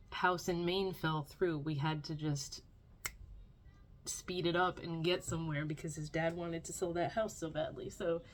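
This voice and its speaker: Low-voiced woman rambling vlog chatter. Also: a little hiss or hum. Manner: rambling, complaining, with filler words and sighs. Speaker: vlogger. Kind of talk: casual diary-style vlog. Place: home.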